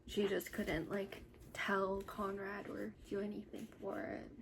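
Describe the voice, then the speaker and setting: A woman's voice: mid-range voice, level tone, unhurried, gravelly. A woman recapping a novel chapter by chapter in a chatty, casual way, full of "like" fillers. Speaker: book reviewer. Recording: noticeable background noise.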